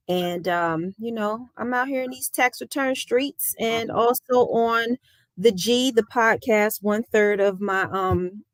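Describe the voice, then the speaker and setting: A woman's voice: medium pitch, no room sound, rough recording. Upbeat woman panelist on a video call. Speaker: panelist, podcaster. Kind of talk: casual panel chat.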